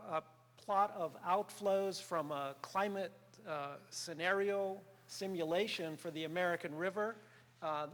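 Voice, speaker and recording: Older male presenter, earnest and measured, filler-heavy delivery, a bit high-pitched, long hall reverb. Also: a bit bright. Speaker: workshop presenter. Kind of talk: public presentation. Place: meeting hall.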